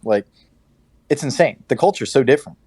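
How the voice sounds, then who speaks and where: A man co-hosting a casual podcast chat, telling stories in a relaxed way with plenty of fillers. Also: mid-range voice, a little fast, husky. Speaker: podcast co-host.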